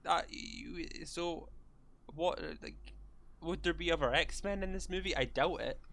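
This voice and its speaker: A man's voice: fairly high pitch, animated, creaky, a bit bright. Young man asking questions. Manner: quizzing, joking, halting restarts. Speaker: podcast co-host. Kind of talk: casual chat.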